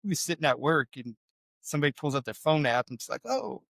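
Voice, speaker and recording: A man's voice: mid-range voice, fairly even intonation, quick pace, a bit bright, no echo. A man, co-hosting a podcast in rambling, self-deprecating casual chat. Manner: rambling, self-deprecating, with many fillers and restarts. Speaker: podcast co-host.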